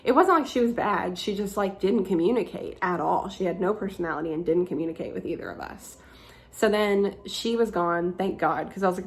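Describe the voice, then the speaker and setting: Young woman rambling through a story, lots of "like"s, some swearing, gravelly fry in her voice. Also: lowish voice, a little fast. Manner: chatty, frequent "like" fillers, swearing. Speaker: vlogger. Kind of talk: casual storytelling.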